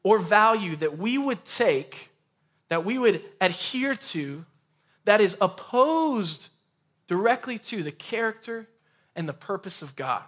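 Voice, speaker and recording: High-voiced casual young male preacher. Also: slow. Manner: conversational, energetic preaching with asides. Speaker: pastor. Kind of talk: sermon. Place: empty room.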